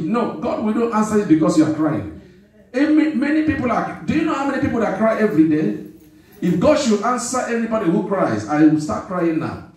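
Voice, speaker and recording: A male pastor preaches with a high, swooping voice, hammering his points home through repetition and calling on the congregation to answer back. He sounds distant from the microphone, and his words ring through a big echoing church hall. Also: big pitch swings, moderate pace, a little mellow. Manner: emphatic call-and-response preaching; repeats phrases for emphasis. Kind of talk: sermon. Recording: echoey hall from far off.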